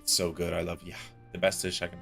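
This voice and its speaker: Man, Canadian East Coast accent, young adult, quick slangy banter, fairly low voice, faint music behind. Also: completely flat delivery, gravelly, a bit bright. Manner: fast, joking, slangy. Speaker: livestream gamer. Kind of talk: casual chat with chat while gaming.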